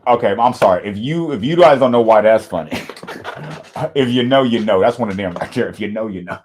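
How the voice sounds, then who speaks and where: A man hosting a reaction video, talking in casual, animated, slangy commentary with frequent laughs and swearing. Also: on the low side, normal speed, a little hiss or hum.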